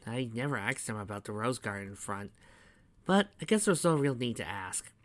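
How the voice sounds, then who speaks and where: A man reading his fan fiction aloud in the first person, plain and steady. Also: medium pitch, fairly quick, dry recording. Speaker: narrator.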